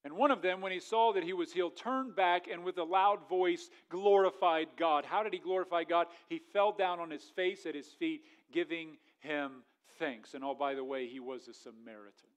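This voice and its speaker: A man's voice: on the high side, moderate pace, few pauses. Man preaching a fiery sermon. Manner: preaching with rising intensity, then dropping quiet; reads scripture aloud in old-fashioned wording. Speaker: pastor.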